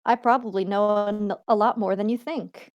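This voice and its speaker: A woman's voice: mid-range voice, fairly even intonation, fairly quick, muffled recording, natural voice. A woman reading the lines of a friendly, knowing teenage girl club president in her own ordinary voice over an online call. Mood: teasing. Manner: read aloud in her own regular voice. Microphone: online voice call that turns garbled.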